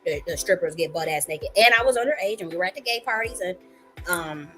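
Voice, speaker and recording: A woman's voice: animated, fast. Cussing woman venting on a live stream, voice jumps way up and down, a little music behind. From United States. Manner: profane, repetitive, swings from low muttering to shouting. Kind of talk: heated ranting monologue.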